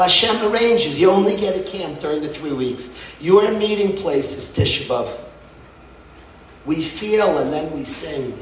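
Impassioned high-voiced man, off-mic preaching. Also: far from the mic, a little hiss or hum. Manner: impassioned, swinging between soft and loud. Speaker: rabbi, head of a yeshiva. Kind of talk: sermon. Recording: echoey room, voice off-mic.

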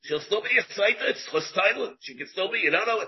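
Rabbi leading a Talmud class, high husky voice, full of rhetorical questions, dull lo-fi recording. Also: male voice, animated, fast. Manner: rhetorical questions, repeats phrases, mixes in Hebrew terms.

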